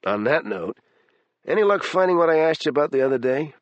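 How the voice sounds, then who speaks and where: A man's voice: fairly high pitch, lively intonation, a little fast, dry recording, dull audio, voice pushed up, lightly acted. A man voicing a wisecracking, easygoing man in his mid-forties in an audiobook. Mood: earnest. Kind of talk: audiobook character voice.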